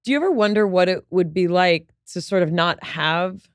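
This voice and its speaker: A woman's voice: lowish voice, expressive, normal speed, smooth, no echo, studio quality. A woman hosting a casual interview, asking curious, probing questions and laughing easily. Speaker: podcast host. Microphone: studio mic.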